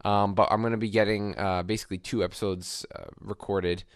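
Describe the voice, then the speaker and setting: A man's voice: fairly low pitch, steady tone, fairly quick, smooth, dry recording, studio quality. A young man casually commenting as he plays a hockey franchise mode, rambling with lots of fillers and upbeat asides. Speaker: gaming YouTuber.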